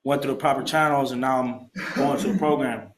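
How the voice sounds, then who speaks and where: A young man speaks a little fast in a medium pitch, sharing his recovery story as an alumni speaker in a meeting room. Casual and slangy with a streetwise edge, he animatedly plays out quoted voices; the room is echoey, with slight background noise.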